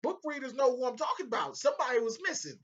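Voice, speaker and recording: A man recapping a TV episode in a casual, excitable way, swearing often and breaking into laughter. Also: extremely high pitch, quick pace, husky. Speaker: video reviewer. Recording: dull lo-fi home audio.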